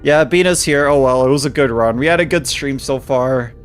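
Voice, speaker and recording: A man's voice: mid-range voice, fairly quick, faint music behind. A man live-streaming a game, chatting casually with his viewers in a playful, teasing, mock-dramatic way.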